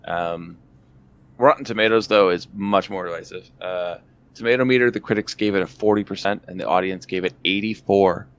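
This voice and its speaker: Man, 30s, deep voice, matter-of-fact, casual podcast co-host. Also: a little fast, smooth. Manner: matter-of-fact, reads out facts and figures. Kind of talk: casual movie review chat.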